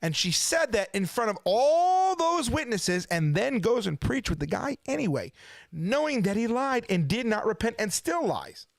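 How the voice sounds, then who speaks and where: A man with a high, animated voice rants indignantly from his kitchen at home. He keeps firing rhetorical questions in a loose, unscripted commentary. The sound is close and dry. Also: normal speed, gravelly, dry recording. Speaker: preacher and channel host. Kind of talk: casual ranting commentary.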